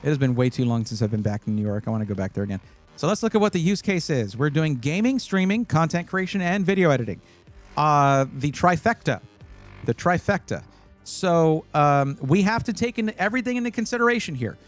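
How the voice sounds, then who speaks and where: A man hosting a live stream, chatting casually and advising viewers, with frequent fillers and sudden bursts of excitement. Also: on the high side, quick pace, faint music behind. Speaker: livestream host giving PC buying advice.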